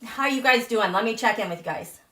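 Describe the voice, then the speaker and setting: A woman hosting a live tarot and astrology stream, gushing with excitement, sometimes dropping to a breathy whisper and chatting with her viewers. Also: a little high, a little fast. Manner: checks in with viewers and reads their comments. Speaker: tarot and astrology livestream host.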